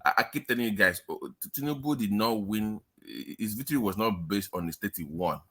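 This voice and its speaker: A man's voice: fairly low pitch, a little fast, sharp tone. A man hosting a heated political discussion on an online call, insistent and cutting in to make his point. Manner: insistent, cuts in by repeating names. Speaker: show host.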